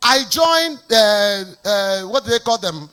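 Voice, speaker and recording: A Nigerian woman pastor preaching a fervent sermon, slipping into sing-song phrases and shouted emphasis. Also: mid-range voice, expressive, slow, smooth.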